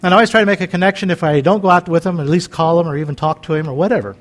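A man's voice: on the high side, rapid-fire. A man in his fifties preaching in a folksy, conversational way, joking and wandering into chatty asides. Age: 50s. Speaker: pastor.

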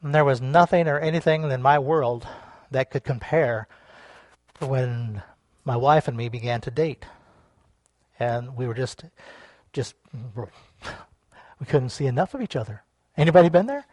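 A man preaching a sermon, swinging between hushed reflection and loud, laughing outbursts. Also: medium pitch, normal speed, long pauses, no echo. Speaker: pastor.

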